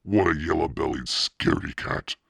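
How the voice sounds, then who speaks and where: A man voicing a girl in a monster mask whose voice comes out gruff and menacing. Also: a bass voice, slow, a bit bright, no echo, clean studio sound, voice pushed up, full character voice. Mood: mocking.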